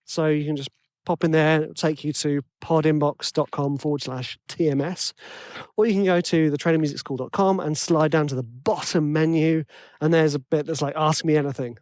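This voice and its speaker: A man with a tenor voice, hosting his own podcast in a rambling, excitable, self-deprecating chat. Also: on the high side, dry recording, clean studio sound. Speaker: podcast host and composition coach. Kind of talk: casual solo podcast monologue.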